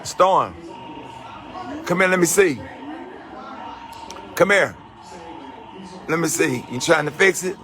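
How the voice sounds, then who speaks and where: A middle-aged man filming a casual home video, teasing a child with quick-fire questions. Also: a little high, lively intonation, pushed and bright. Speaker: radio host filming at home with grandchildren. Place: home, indoors.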